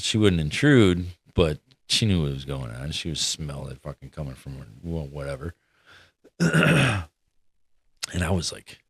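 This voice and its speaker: A man's voice: a bass voice, dry recording. A man telling a profane, laid-back story in a casual podcast chat, often laughing. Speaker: podcast co-host.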